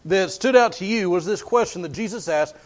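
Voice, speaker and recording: Male preacher with a high voice, earnest sermon delivery, repeats words as he builds each point. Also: fairly quick.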